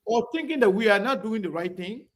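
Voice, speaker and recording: A man's voice: high voice, animated, fairly quick. A man hosting a heated political debate, pushing his guest with repeated questions and cutting in. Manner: presses with repeated questions, cuts in.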